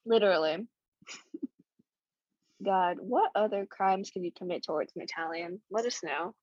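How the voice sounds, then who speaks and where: A woman's voice: lowish voice, normal speed, a little mellow, dry recording. A woman co-hosting a casual podcast from home, rambling with lots of "like" and restarts. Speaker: podcast co-host. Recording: dry, slightly muffled lo-fi recording.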